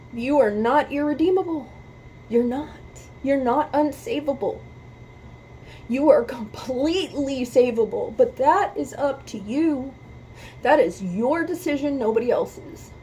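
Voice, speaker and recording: Woman host, emotional and earnest, unhurried, warm higher voice, faint room hiss behind. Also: expressive, low-quality recording. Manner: earnest, emphatic, repeats phrases for stress. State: emotional, near tears. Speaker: music reaction video host. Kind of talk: heartfelt talk to camera about faith.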